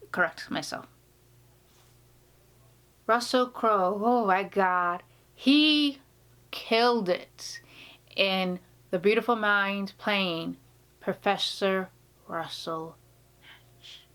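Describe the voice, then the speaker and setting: A woman's voice: mid-range voice, takes it slowly, long pauses, fairly bright tone, clear, resonant tone. A woman vlogger talking casually to camera, gushing and rambling, sometimes dropping to a whisper.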